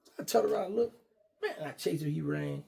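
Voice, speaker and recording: A middle-aged man casually telling a long personal story, animated and acting out what others said. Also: fairly high pitch, a little fast, gravelly. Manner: animated, acts out quoted dialogue. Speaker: guest storyteller.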